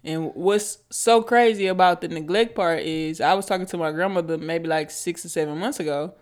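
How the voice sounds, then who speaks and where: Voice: mid-range voice, normal speed. A podcast co-host in casual chat who talks candidly, tells stories and swears freely. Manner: candid, profane, storytelling.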